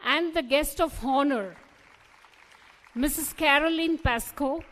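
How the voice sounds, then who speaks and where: Woman, 40s, polite emcee, fairly high voice, long auditorium reverb. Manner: polite, poised and welcoming. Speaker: master of ceremonies. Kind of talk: formal event anchoring. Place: large auditorium.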